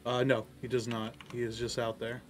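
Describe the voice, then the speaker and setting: A man running an online tabletop game as game master, giving brisk, organizing instructions to the players. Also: mid-range voice, completely flat delivery, soft background music.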